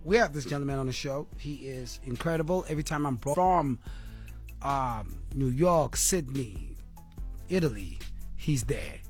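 A man's voice: mid-range voice, expressive, normal speed, faint music behind. A man with a South African accent hosting a radio show, playful and teasing in his banter. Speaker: radio host.

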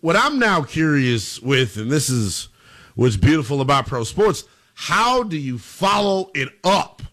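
A man's voice: a little high, sing-song, a little slow, a bit bright. A man hosting a call-in sports radio show, chummy with callers and calling them brother and pal.

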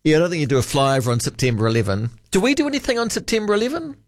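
Talkback host, Kiwi man, lively up-and-down voice, dry close studio sound. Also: fairly high pitch, racing, dry recording. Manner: musing, chatty, reads out listener texts. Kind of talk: casual late-night radio chat. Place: radio studio.

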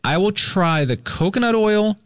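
A man's voice: high-pitched, lively intonation, measured pace, no echo, studio quality. A man hosting a morning radio show, chatting casually and laughing with co-hosts. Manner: laughing, joking.

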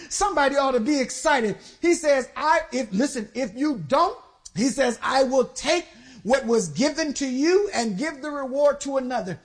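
Her voice is high-pitched and expressive as she preaches a sermon. She exhorts the congregation through call-and-response, slowing down for stressed phrases and rushing through quick bursts.

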